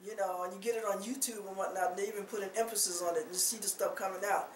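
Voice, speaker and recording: A woman's voice: mid-range voice, fairly even intonation, rapid-fire. Woman preaching from a distant, echoey mic. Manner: conversational, many rhetorical questions, frequent "you know". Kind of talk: informal spoken sermon. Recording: roomy echo, distant mic, faint noise.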